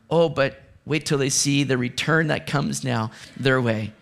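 A man preaching a sermon as pastor, animated, moving from hushed asides to excited exclamations. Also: fairly high pitch, measured pace, creaky, few pauses.

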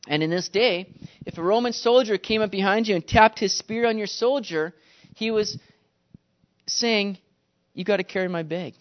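A man's voice: high-pitched, muffled recording. A man preaching a sermon, telling stories with animation and acting out the quotes. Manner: animated storytelling, acts out quotes. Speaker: pastor.

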